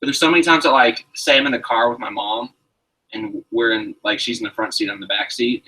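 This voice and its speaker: Brief: lively, bright-voiced man co-hosting a casual cooking live stream, picked up from a distant mic. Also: mid-range voice, fast. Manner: animated, laughs at himself, slips into voices. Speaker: co-host, reading viewer questions.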